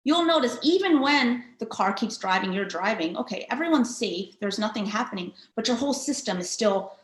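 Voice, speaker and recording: A woman's voice: fairly high pitch, expressive, fairly quick. A woman physical therapist giving a casual talk on breathing, chatty and full of filler words as she guides listeners through an exercise. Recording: roomy echo.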